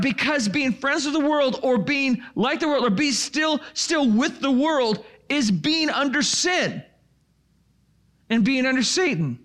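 A man's voice: very high voice, expressive, measured pace, fairly bright tone. A man preaching a sermon, asking the listeners questions and then answering them himself. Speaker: pastor.

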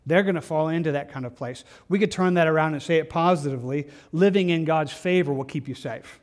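A man teaching through Bible verses in a loose, conversational way, often restarting his sentences. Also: fairly high pitch. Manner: conversational, halting with frequent restarts and fillers. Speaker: pastor.

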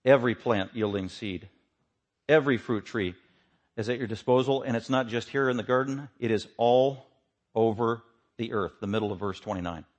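Male pastor, sermon delivery, emphatic with loud peaks and quiet drops. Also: medium pitch, normal speed. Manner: emphatic, swings from loud to hushed.

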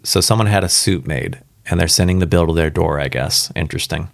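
Deep-voiced man reading a story aloud. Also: fairly quick, vocal fry, dry recording, clean studio sound. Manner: casual, stops to comment on the text. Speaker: story reader. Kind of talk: live first-time reading with asides.

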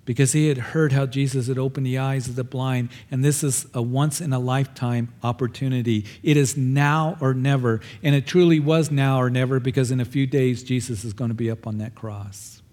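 Pastor, male, mid-pitched, storytelling sermon delivery that bursts into loud acted-out cries. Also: steady tone, a little fast, few pauses. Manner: storytelling, acts out cries with raised voice.

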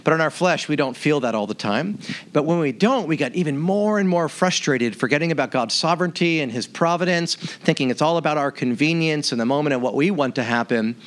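A man in his thirties preaching a sermon as pastor, telling a story with animated, acted-out quotes. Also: a little high, a little fast.

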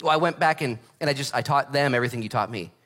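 A middle-aged man preaching a sermon as pastor, reading scripture and telling stories with lively acted voices. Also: medium pitch, racing. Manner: animated storytelling with acted voices.

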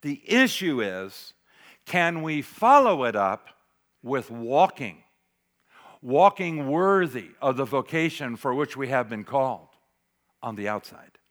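A man preaching a sermon as pastor, dramatic, swinging between loud declarations and near-whispered asides. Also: medium pitch, sing-song, slow. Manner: dramatic, varies loudness, drops to near whisper for emphasis.

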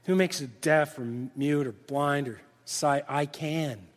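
A middle-aged male pastor preaching a sermon, acting out lively back-and-forth dialogues with God. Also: on the high side, slow, soft background music. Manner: animated, acts out dialogue with God in different voices. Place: church sanctuary. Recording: reverberant church hall.

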